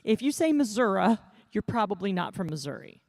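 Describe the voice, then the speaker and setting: A woman's voice: medium pitch, very animated, fast, a little mellow. A woman interviewing a contestant at an event, asking questions in a bubbly, upbeat way. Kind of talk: backstage interview. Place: event venue.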